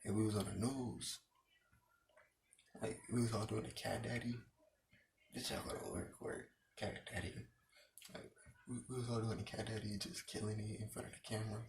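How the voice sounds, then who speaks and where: A man's voice: fairly low pitch, little pitch movement, normal speed, gravelly, long pauses, a little hiss or hum. A young man telling a rambling, profane story about his school days in casual talk, repeating himself often.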